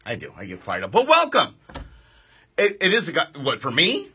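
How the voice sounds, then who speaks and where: Fired up guy hosting a live radio show, super bright husky voice, jumps all over in pitch. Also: moderate pace. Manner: excitable, loud, jokey, bantering with studio crew. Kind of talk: live outdoor talk radio. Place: radio studio.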